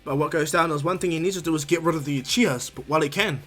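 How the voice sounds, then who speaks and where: A man's voice: a little high, very fast, a bit bright, faint music behind. A man casually retelling a fan story, rambling with lots of ums and restarts. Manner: rambling, many fillers and restarts.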